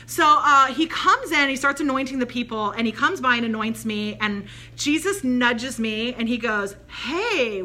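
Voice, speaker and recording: A woman telling a spiritual story in a casual, chatty way, acting out the voices of the people in it. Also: on the high side. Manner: chatty, animated, quotes voices in her anecdotes. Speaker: spiritual channeler.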